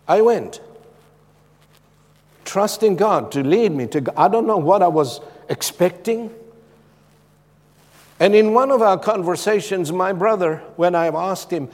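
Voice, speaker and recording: A man's voice: high voice, lively intonation, a little slow, long pauses. Impassioned man preaching in a big hall. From Zimbabwe. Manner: impassioned, swinging from loud emphatic lines to hushed, soft ones. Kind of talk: sermon.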